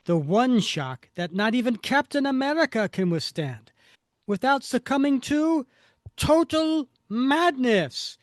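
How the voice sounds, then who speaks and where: Man doing theatrical comic villain, commanding, high, loud, slow. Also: expressive, dry recording, studio quality, exaggerated voice. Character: menacing male villain giving orders, cold and grand.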